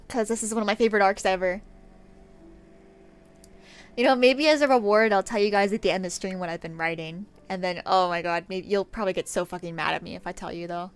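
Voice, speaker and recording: A woman streamer chatting casually to her viewers on a work-along stream, bubbly and quick to giggle. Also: medium pitch, smooth.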